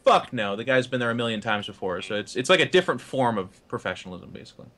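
A man, an esports caster, telling an anecdote on a panel show as a lively storyteller who restarts his sentences often. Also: medium pitch, fast.

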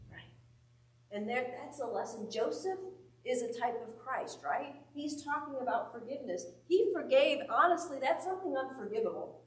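A woman's voice: on the high side, animated, moderate pace, slight background noise. A woman leading a Bible study. She reads scripture aloud and puts questions to the group with emphasis. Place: church meeting room. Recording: echoey room, mic at a distance.

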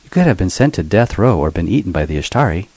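A man's voice: low-pitched, sing-song, fast, darkish tone, slightly rough, dry recording, heavily acted, poor audio. A man voicing a snarky robot sidekick with a mocking, teasing manner, in a storybook reading. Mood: wry.

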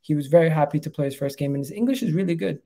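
A young man hosting a casual football chat, chatty and quick to laugh. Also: fairly high pitch, animated, warm tone. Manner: chatty, laughs easily, breaks into impressions. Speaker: football channel host.

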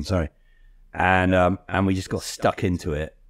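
A man in his forties with a lowish voice talks through a rambling, self-mocking anecdote. The recording is close and dry, with no room sound. He often laughs at himself as he goes. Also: sing-song, measured pace, no room sound. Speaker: guest storyteller. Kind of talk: casual anecdotal chat.

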